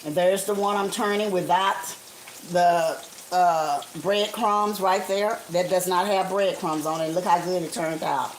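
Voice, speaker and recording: Woman host of a home cooking livestream, lowish voice, chatty and homey, faint sizzle of frying behind. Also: steady tone, unhurried, slight background noise, poor audio. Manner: chatty and homey, calls viewers honey and guys. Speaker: home cook streaming live. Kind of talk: casual live cooking demonstration. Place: home kitchen, frying on the stove.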